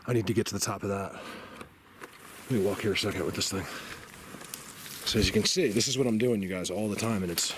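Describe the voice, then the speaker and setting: Low-voiced man vlogging on a mountain hike. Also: quick pace, long pauses, noisy background. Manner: chatty, addresses viewers as "you guys". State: out of breath. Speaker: vlogger hiking and filming. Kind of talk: casual narration while hiking. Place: outdoors in mountain woods. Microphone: handheld camera mic.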